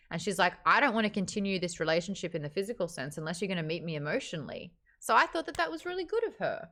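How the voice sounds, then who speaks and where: A woman hosts a casual live-streamed book chat in a mid-pitched voice. She is blunt and animated, swears freely and rants at length. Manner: animated, acts out quotes. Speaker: book club host.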